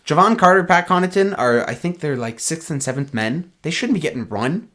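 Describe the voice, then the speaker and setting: A man's voice: on the high side, expressive, fairly quick, fairly bright tone. A man co-hosting a casual sports podcast, giving blunt, opinionated basketball analysis. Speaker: podcast co-host.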